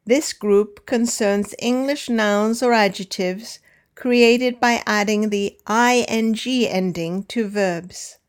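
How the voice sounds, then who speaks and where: Woman, language teacher, unhurried and exact, mid-pitched voice. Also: clear, resonant tone. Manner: slow, careful, deliberate enunciation. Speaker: English pronunciation teacher. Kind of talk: scripted pronunciation lesson.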